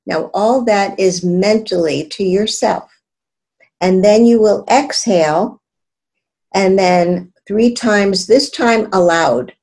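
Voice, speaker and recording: A woman meditation teacher giving calm, measured guided instruction and chanting mantras softly during a video interview. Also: mid-range voice.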